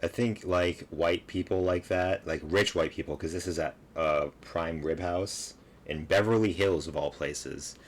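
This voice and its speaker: Low-voiced guy riffing on a clip, laughs a lot, um and like everywhere, faint hiss behind. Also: unhurried. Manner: laughing, mocking, rambling with many fillers. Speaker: video commentator. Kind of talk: casual reaction commentary.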